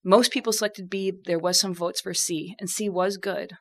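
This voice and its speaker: A woman guest on a radio talk show, telling stories in a lively, chatty way. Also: fairly low pitch, normal speed. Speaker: guest, bourbon expert. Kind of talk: casual radio chat.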